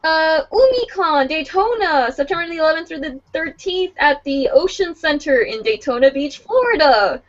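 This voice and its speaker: Chatty high-voiced woman podcast host. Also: animated, normal speed, few pauses. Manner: chatty, stumbling over place names, laughing and swearing. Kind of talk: casual podcast chat reading convention listings. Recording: dull lo-fi podcast audio.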